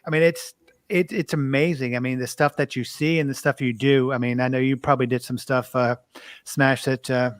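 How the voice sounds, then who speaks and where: A man's voice: mid-range voice, fairly even intonation, brisk, no room sound. Rambling man, dry close sound. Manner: rambling, many "I mean" fillers. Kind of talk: casual chat.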